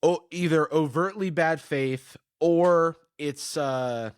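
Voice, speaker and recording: A man's voice: on the high side, slow pace, clear, resonant tone, no room sound. Wry, hesitant man, dry close sound. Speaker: guest, YouTuber. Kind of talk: casual chat.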